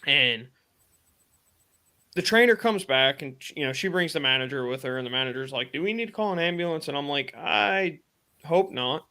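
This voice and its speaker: A man's voice: a little high, lively intonation, moderate pace, pushed and bright. A man hosting a live stream, casually retelling a personal story in a rambling way with lots of fillers and quoted thoughts. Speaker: podcast host.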